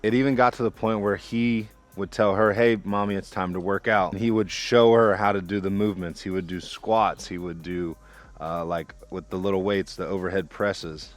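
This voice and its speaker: A young man, a father, telling a casual vlog story about parenting in a relaxed, conversational way. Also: low-pitched, normal speed, soft background music. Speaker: parent vlogger.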